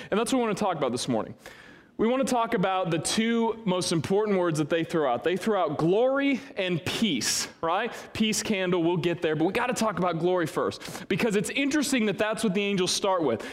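A man preaching a sermon to his congregation, animated and conversational, recorded in a church hall. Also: sits high, a little fast. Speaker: pastor. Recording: long hall reverb.

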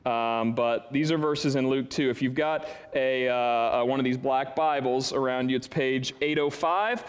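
Animated man preaching a sermon. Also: mid-range voice, unhurried. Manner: animated, conversational. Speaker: pastor. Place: church hall. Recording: long hall reverb.

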